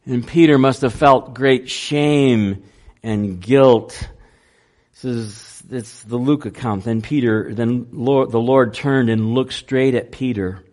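A man preaching a sermon, unhurried and halting, with frequent fillers and restarts. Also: mid-range voice, darkish tone. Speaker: pastor.

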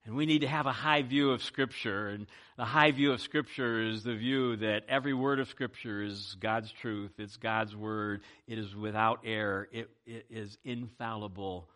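Bright-toned man preaching with earnest emphasis. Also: on the low side, fairly even intonation, normal speed, hardly any pauses. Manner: earnest preaching with rising emphasis and frequent "uh" fillers. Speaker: pastor. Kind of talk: sermon with closing prayer.

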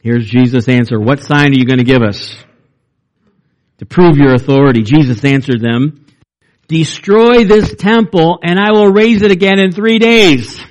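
A man preaching a sermon in a conversational way, with fillers and restarts, and his pitch rises when he reads or retells. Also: normal speed.

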